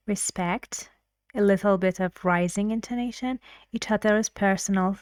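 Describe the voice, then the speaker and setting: A woman's voice: mid-range voice, moderate pace, darkish tone, no room sound, studio quality. A woman teaching an English intonation lesson, explaining clips and repeating phrases to model how they rise and fall.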